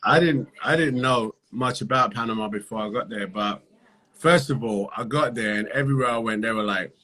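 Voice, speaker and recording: A man hosting a casual livestream chat, greeting viewers by name in a laid-back, halting way. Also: fairly low pitch, bright, forceful tone. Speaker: livestream host.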